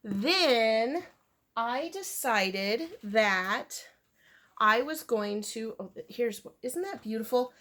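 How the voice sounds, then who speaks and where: Casual woman vlogger, slightly high voice, rambling and full of fillers. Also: lively intonation, drawn-out words, a bit bright. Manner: chatty, rambling, with fillers and self-corrections. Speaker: crochet vlogger. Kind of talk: casual chat to camera.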